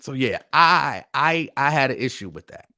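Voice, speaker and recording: A man's voice: medium pitch, lively intonation, normal speed, pushed and bright. A man hosting a casual live stream, talking in an emphatic, repetitive, conversational way. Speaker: host.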